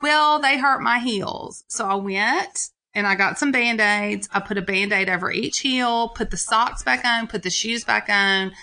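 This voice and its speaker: A woman's voice: medium pitch, moderate pace, hardly any pauses, sharp tone. A middle-aged woman, animatedly telling stories in a casual chat and laughing often.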